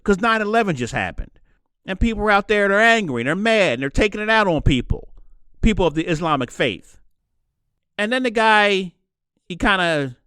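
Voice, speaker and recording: A man's voice: high voice, fairly bright tone, no room sound, clean studio sound. A man hosting his own podcast, delivering an impassioned solo opinion monologue and repeating phrases for emphasis. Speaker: podcast host.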